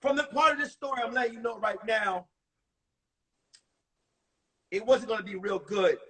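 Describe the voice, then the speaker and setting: A male comedian telling animated stories from high school in a one-man show on a livestream. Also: normal speed, breathy edge. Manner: animated, acts out voices. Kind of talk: stand-up storytelling. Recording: distant mic on a phone livestream.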